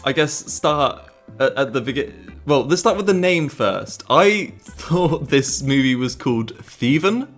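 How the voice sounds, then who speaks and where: A man's voice: medium pitch, lively intonation, measured pace, a bit bright. Man, host, casual review chat, jokey, rambling, faint background music. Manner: jokey, laughs often, rambling.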